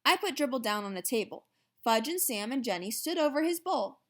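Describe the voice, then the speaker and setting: Expressive woman reading a children's book. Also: on the high side, fairly quick. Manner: expressive, storytelling. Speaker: reader. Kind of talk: reading a children's novel aloud.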